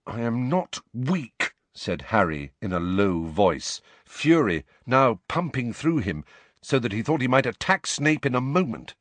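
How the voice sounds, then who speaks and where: Male narrator, lively pitch, dry close-mic read. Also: measured pace, no echo. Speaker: audiobook narrator. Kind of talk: scripted narration.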